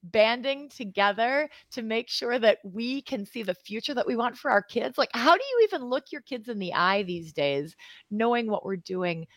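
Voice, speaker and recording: A woman's voice: fairly high pitch, lively intonation, moderate pace, dry recording. Enthusiastic Wisconsin woman candidate. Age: middle-aged. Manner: enthusiastic, proud, chatty. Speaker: guest, congressional candidate. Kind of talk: casual radio interview chat.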